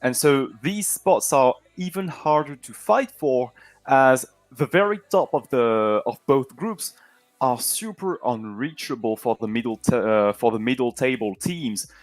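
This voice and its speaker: A man's voice: mid-range voice, animated, a little slow, no echo. A man with a French accent co-casting an esports match, talking through the playoff picture and often correcting himself. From France. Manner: talkative, analytical, self-correcting. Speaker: esports co-caster.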